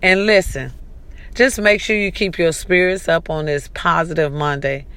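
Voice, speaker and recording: A woman's voice: fairly low pitch, normal speed. A woman, talking casually and animatedly to her followers, cheering them on and calling out to them often. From California. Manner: chatty, animated, calls out to the audience. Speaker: vlogger. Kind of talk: casual motivational talk to camera.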